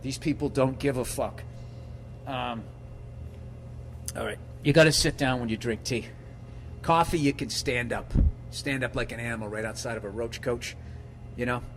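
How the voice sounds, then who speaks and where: A man's voice: medium pitch, moderate pace, long pauses, slight background noise. A middle-aged man rambling through a casual, profane monologue, acting out other people's lines as he tells stories. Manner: profane, rambling, animated storytelling with acted-out quotes.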